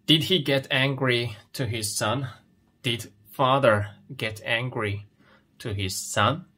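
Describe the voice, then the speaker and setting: A man teaches English at a very unhurried pace. His voice is bright and forward, and he asks simple questions about a picture story and then answers them himself. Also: medium pitch, fairly even intonation, breathy edge. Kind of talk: slow explanatory lesson, reading a picture story.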